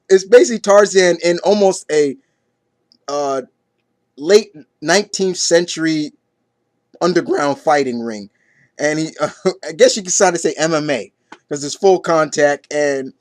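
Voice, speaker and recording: A man's voice: on the high side, dry recording. A man giving a casual comic book review, rambling and stumbling through his retelling with lots of fillers.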